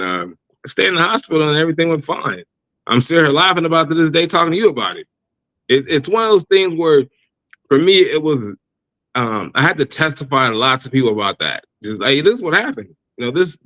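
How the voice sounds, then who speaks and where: Bright-voiced man telling a testimony. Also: mid-range voice, no room sound, poor audio. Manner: animated storyteller, laughs often, many restarts. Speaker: guest giving testimony. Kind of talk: casual spoken testimony.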